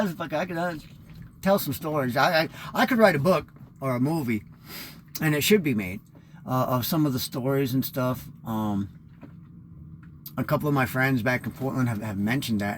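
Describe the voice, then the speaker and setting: A man's voice: medium pitch, a little hiss or hum. A man in his fifties rambling through a candid, profane personal monologue as host of his own show. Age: 50s.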